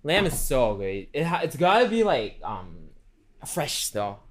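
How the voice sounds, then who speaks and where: Brief: mid-pitched male streamer, rambling chatter while cooking, speaks of himself in third person. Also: sing-song, measured pace. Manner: chatty, rambling with many fillers. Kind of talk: casual cooking livestream chat.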